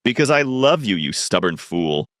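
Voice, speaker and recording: A man's voice: on the low side, big pitch swings, moderate pace, a bit bright, no room sound, studio quality. A man voicing a brave young woman maid who speaks earnestly, in a storybook reading.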